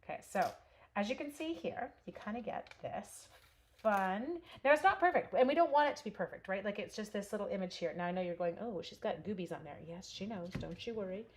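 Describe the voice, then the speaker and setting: A woman with a medium-pitched voice talks a little fast, with a bit of hiss or hum in the recording. She runs a live craft demonstration of card stamping, answering viewer comments and chatting casually as she works.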